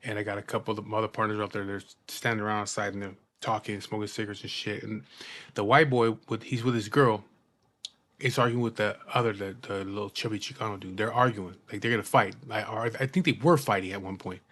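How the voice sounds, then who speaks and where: Rough-talking man swearing through a story. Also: on the low side, flat delivery, quick pace, a bit bright. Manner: rough, profane, repeats and restarts words. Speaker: biker telling a personal story. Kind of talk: casual spoken storytelling.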